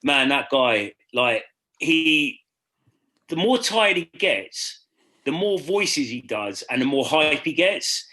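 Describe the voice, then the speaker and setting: A man's voice: fairly high pitch, sing-song, takes it slowly, pushed and bright. A man hosting a podcast over a video call, telling rambling stories in casual chat, swearing and acting out other people's voices. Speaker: podcast host.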